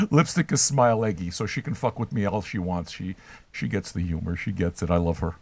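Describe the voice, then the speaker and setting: Brash, foul-mouthed older man, lively pitch. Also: gravelly, no room sound. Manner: brash, trolling, swears constantly. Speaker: livestream host reacting to chat. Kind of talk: profane, rambling livestream chat.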